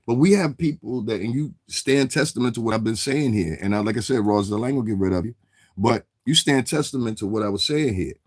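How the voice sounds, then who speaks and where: With clean studio sound and no reverb, this New York City–area livestream host speaks a little fast in a mid-range voice. Answering chat as he goes, he meanders through streetwise slang, repeatedly checking "you understand what I'm saying."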